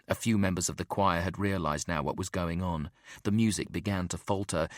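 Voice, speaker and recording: Deep-voiced male audiobook narrator. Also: dry recording, clean studio sound. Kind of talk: scripted narration.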